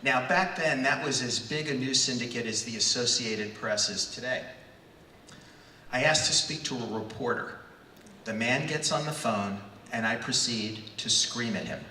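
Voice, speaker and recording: A man in his sixties, a guest on a convention panel, telling a story in an animated way and acting out voices. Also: mid-range voice, moderate pace, a little hiss or hum. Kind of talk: stage anecdote at a fan convention. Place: large convention hall. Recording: echoey hall, far from mic.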